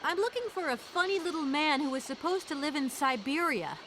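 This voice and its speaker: An actress voicing an ambitious young lawyer woman in a video game, poised, brisk and sharp-tongued. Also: high voice, lively intonation, slight background noise. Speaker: game protagonist.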